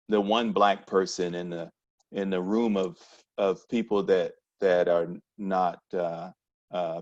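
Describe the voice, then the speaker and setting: A man with a Panamanian accent speaks at a town hall meeting, reflective and halting, often restarting his sentences. His voice sits fairly low. The sound is dull and lo-fi, like video call audio. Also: darkish tone.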